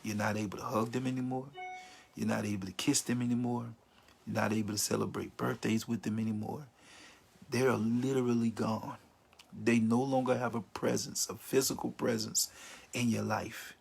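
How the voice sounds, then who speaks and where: A man's voice: medium pitch, flat delivery, normal speed, vocal fry, a little mellow, breathy edge. A man teaching about grief in an informal, earnest way, sometimes acting out the words of people in mourning. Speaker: grief counselor.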